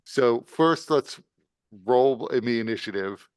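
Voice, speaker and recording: A man running a tabletop game as game master, narrating scenes and giving calm, matter-of-fact rulings. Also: mid-range voice, slow pace, smooth, dry recording.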